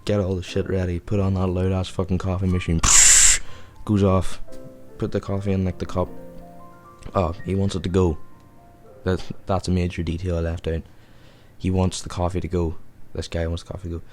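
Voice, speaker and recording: A man's voice: low voice, monotone, moderate pace, darkish tone, soft background music. A young man hosting a podcast, telling a rambling, profane anecdote in a casual way. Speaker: podcast host. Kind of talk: casual storytelling.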